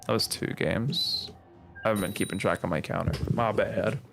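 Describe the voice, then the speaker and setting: A man's voice: lowish voice, moderate pace, vocal fry. A man streaming a game and chatting casually, rambling and throwing in playful exclamations. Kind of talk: casual gameplay commentary. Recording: music playing behind.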